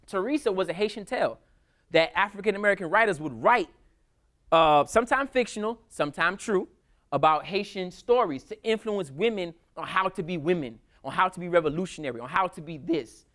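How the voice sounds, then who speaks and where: A man giving a casual history lecture at a school, telling stories in a lively, colloquial way. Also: high-pitched, a little fast. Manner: animated, colloquial storytelling. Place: school hall with audience.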